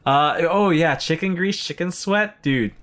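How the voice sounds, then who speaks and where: A man's voice: on the high side, a little slow, a bit bright. A man streaming a game, reading it aloud and chatting casually in a goofy, self-deprecating, slangy way.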